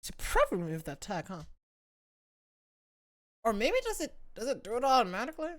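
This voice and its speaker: A woman's voice: a little high, wildly swooping pitch, brisk. A woman from the United States streaming live, chatting casually with viewers in a rambling way, often cutting herself off mid-sentence.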